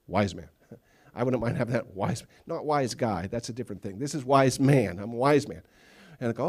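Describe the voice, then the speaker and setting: A pastor preaching a sermon, telling Bible stories with humor and acting out the characters' lines. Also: male voice, on the high side. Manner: animated storytelling, acting out biblical characters with humor. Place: church sanctuary.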